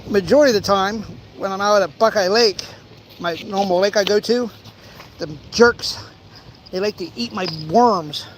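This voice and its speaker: A man's voice: high voice, moderate pace, slight background noise, poor audio. A man from Ohio casually chatting in a fishing vlog, rambling and easygoing while he baits his hook outdoors at a pond. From Ohio, USA. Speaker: vlogger.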